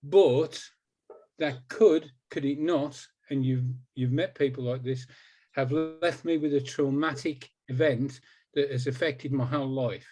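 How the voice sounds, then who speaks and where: 60s guy, hypnotist on an interview, emphatic, keeps repeating words, ordinary pitch. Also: steady tone, measured pace, dark tone. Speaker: hypnotist guest. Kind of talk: conversational interview.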